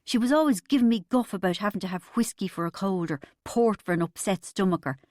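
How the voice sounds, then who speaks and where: Woman reading a pompous husband, self-made and aggrieved, insistent, louder than her narration, close dry sound, audiobook. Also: mid-range voice, fast talker, dry recording, natural voice. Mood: indignant. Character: boastful middle-aged Irish husband, bitter.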